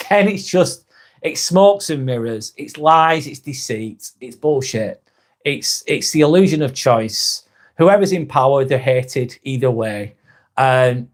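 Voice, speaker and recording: A man with a Lancashire accent hosting a casual live stream, talking bluntly and candidly, swearing now and then and reading out viewer comments. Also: mid-range voice. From northwest England.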